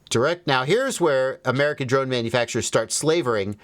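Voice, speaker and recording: A man's voice: mid-range voice, creaky, fairly bright tone, dry recording. A man hosting a livestream, reading phrases aloud and commenting wryly as he thinks them through. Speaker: livestream host.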